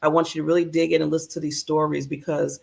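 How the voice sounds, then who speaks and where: Upbeat, emotional female host with a gravelly edge. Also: deep voice, flat delivery, quick pace, a little mellow. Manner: bubbly, laughs often, emotional. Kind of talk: lively talk show hosting.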